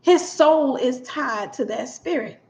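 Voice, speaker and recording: Fairly high-voiced woman preaching casually. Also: expressive, slow, darkish tone. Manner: conversational, repeats key points, acts out scenes. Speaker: minister and teacher. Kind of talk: teaching sermon. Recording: dull lo-fi sound.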